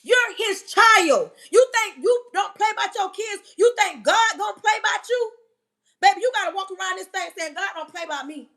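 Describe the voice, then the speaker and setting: High, bright-voiced woman preaching loudly. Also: expressive, moderate pace, creaky. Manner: yelling and emphatic, banging on the table; rhetorical questions to listeners. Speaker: live-stream preacher. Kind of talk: impassioned live-stream preaching.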